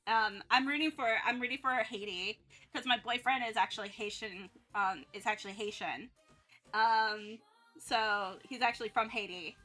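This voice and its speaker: Bright young woman rambling on stream. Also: on the high side, normal speed, faint music behind. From North Carolina, US. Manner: rambling, many restarts and fillers. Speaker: art streamer. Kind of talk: casual livestream chat.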